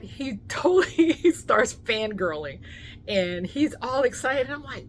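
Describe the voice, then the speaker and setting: A woman vlogger telling a casual story time, animated and full of fillers, acting out what people said. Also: on the high side, unhurried, slight background noise. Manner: animated storyteller, many fillers, acts out quotes.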